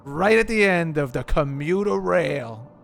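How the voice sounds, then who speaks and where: A man's voice: a little high, animated, a little slow, creaky, faint music behind. A man streaming a game, chatting casually in a rambling, profane, joking way.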